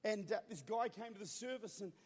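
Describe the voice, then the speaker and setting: A man in his thirties preaching a Pentecostal sermon in a church auditorium, with loud bursts and call-and-response with the congregation. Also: high voice, expressive, a little fast. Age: 30s. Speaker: pastor. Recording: long echo of a large hall.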